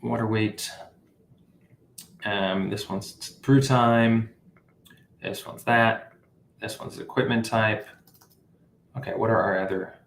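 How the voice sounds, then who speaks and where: Man, slow unhurried talk, live coding walkthrough, echoey room with faint hiss. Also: on the low side, fairly even intonation, vocal fry. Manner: thinking aloud, halting, many fillers and self-corrections. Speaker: livestream host building an app.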